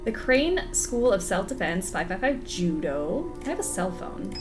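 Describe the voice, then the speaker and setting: A woman's voice: medium pitch, sing-song, unhurried, over music. A woman streaming a mystery video game, chatting casually, joking and laughing with her viewers as she plays. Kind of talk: casual gameplay commentary.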